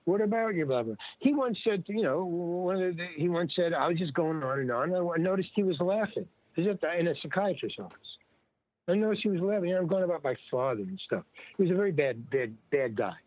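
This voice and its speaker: A man's voice: sits high, lively intonation, fairly quick, no echo. Older man rambling over a tinny line. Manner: rambling, digressive, acts out quoted dialogue. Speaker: guest actor and comedian. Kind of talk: casual conversational storytelling. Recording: tinny dry phone-like line.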